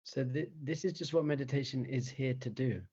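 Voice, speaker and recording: Animated man teaching, chuckling often. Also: medium pitch, fairly quick, slightly rough, dull audio. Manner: animated, chuckles often, asks rhetorical questions. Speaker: rabbi teaching meditation. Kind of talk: conversational teaching talk.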